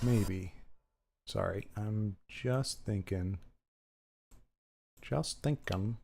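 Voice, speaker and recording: A man's voice: on the low side, extremely slow, creaky, noisy background. A man hosting a livestream, talking in a rambling, playful, self-correcting way to his chat. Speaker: streamer host.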